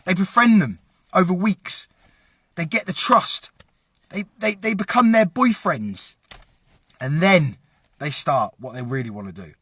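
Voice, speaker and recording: High, sharp-voiced angry man. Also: animated, measured pace, long pauses, breathy edge, no room sound. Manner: angry, impassioned, swearing. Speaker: vlogger. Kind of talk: direct-to-camera rant.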